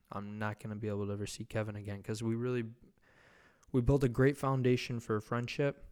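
A man's voice: lowish voice, a little mellow, clear, resonant tone. A young man hosting a podcast, telling a loose, profane, rambling anecdote in casual chat. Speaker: podcast host.

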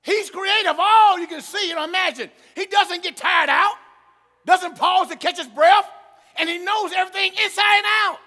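Emphatic male preacher, very high bright voice, shouting in a reverberant hall. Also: normal speed. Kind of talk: sermon. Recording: long reverb of a large hall.

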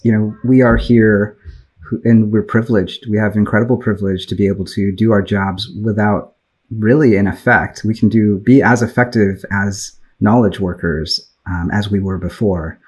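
An American man who is a guest on a podcast, speaking in a measured, reflective way with lots of ums. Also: lowish voice, steady tone, slightly rough, poor audio. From United States. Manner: measured, reflective, with many fillers. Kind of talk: casual conversational discussion.

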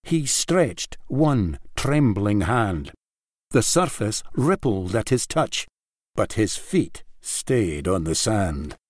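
Slow, lilting male storyteller. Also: lowish voice, no room sound, clean studio sound. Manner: expressive, lilting verse reading. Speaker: narrator. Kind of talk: rhyming storybook narration.

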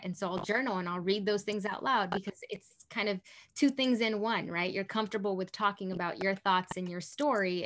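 A woman hosting an interview, affirming her guest and reflecting aloud, often checking in with "right?". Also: mid-range voice. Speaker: podcast host and workshop leader. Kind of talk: casual interview chat.

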